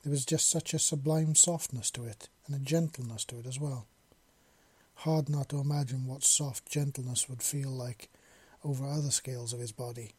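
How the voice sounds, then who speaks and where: Husky man narrating a story. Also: medium pitch, fairly even intonation, normal speed, darkish tone.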